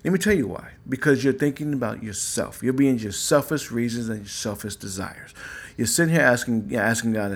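A man's voice: medium pitch, a little fast, husky. A married man hosting his own podcast, talking earnestly and a little preachily about anger and faith, often repeating himself and asking questions. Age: adult, married. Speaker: podcast host. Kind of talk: casual faith-based talk.

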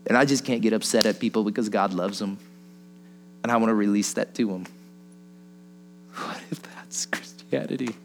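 A man's voice: on the low side, steady tone, quick pace, a little hiss or hum. A man preaching a sermon in a casual storytelling way, chuckling through anecdotes and posing rhetorical questions. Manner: chatty, laughs while telling stories, rhetorical questions.

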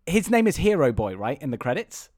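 Excitable rambling male podcast host. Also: fairly high pitch, a little fast, no room sound, studio quality. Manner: rambling, bursts into loud incredulous exclamations. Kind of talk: casual chat recapping a film.

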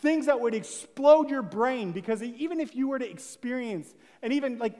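A man with a high voice preaches with fervor, swinging from quiet, intimate lines to loud, excited ones. He keeps asking his listeners questions in a casual, street-level way. His voice rings out with a long reverb, as if in a large hall. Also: normal speed. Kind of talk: sermon.

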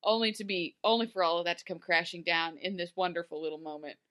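A woman's voice: lowish voice, fast talker, smooth. A young woman co-hosting a podcast, chatting casually and with lots of laughter as she recaps a TV episode. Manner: giggly, animated, quoting characters in mock voices. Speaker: podcast co-host.

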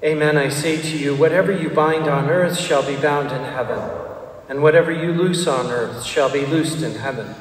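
A man reading the gospel at Mass in a measured, formal manner. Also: a little high. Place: church. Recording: distant mic in echoey church.

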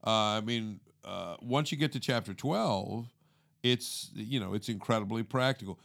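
Low-voiced man teaching casually. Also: moderate pace, gravelly. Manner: animated, acts out inner monologue; calls listener "dude". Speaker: podcast co-host. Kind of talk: conversational teaching.

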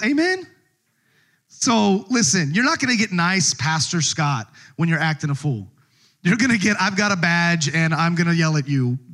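A middle-aged male pastor preaching with a fairly high, bright-sounding voice. He tells his stories in an animated way and laughs often along the way. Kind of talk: sermon.

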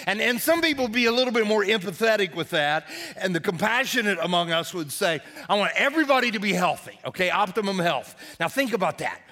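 A man's voice: high-pitched, animated, fairly quick, sharp tone. A male pastor giving a sermon in a folksy, chatty way, joking with the congregation. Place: church service.

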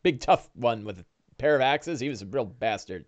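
A man's voice: mid-range voice, animated, normal speed, dull audio, natural voice. A man voicing a fretful, tied-up ranch hand who chatters nervously and fusses.

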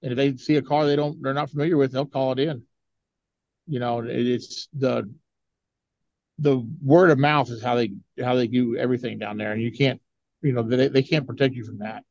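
A man's voice: medium pitch, fairly even intonation, normal speed, darkish tone, highs cut off. A man guesting on a podcast, telling stories in casual chat, swearing a lot, laughing often and filling with "you know". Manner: profane, laughing, heavy use of "you know".

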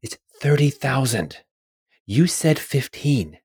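A man's voice: mid-range voice, lively intonation, slow pace, darkish tone, breathy edge, dry recording, studio quality, voice pushed up, full character voice. A man voicing a masked female dealer who haggles firmly in a tabletop game. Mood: insistent.

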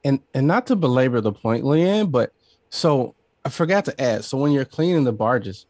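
A middle-aged man from Southern Illinois, a podcast guest telling lively stories and laughing often. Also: mid-range voice, moderate pace, no room sound. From Southern Illinois, USA. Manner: animated storyteller, laughs often, acts out quoted voices. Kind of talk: casual storytelling interview.

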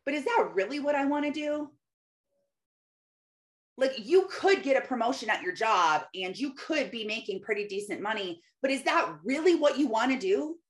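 A woman's voice: fairly high pitch, lively intonation, moderate pace. A woman in her thirties giving a casual, earnest faith-based encouragement talk, laughing often and quoting scripture. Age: 30s.

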